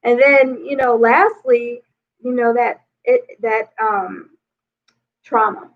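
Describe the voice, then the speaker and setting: A woman's voice: fairly high pitch, fairly even intonation, takes it slowly. A woman life coach giving relationship advice in a loose, conversational way, often saying "you know". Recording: tinny phone-like sound.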